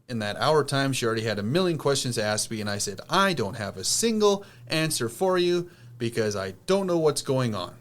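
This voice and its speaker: A man hosting a podcast, telling a personal story casually and acting out the people in it. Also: lowish voice. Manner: animated, acts out quoted people. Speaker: podcast host.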